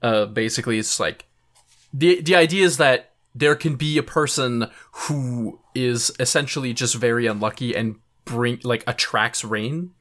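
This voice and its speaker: A young adult co-host recaps an episode casually, with a middling, even voice. The delivery is relaxed and chatty. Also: mid-range voice, a little slow. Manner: laid-back recapping, laughs at own jokes. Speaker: podcast co-host summarizing episodes.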